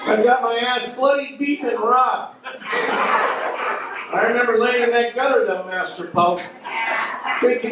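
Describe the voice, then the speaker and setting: A man performs stand-up in a comedy club and calls out audience members by name between jokes. His voice sits very high. It comes from far off the mic and booms around a roomy club over loud noise. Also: unhurried, long pauses. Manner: crowd work, addressing audience members by name.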